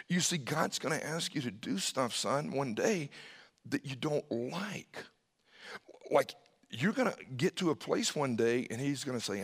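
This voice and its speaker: A man's voice: medium pitch, expressive, normal speed, a bit bright, in a large hall. A middle-aged man preaching a sermon as a pastor, telling a family story, acting out the dialogue, and sometimes dropping to a whisper.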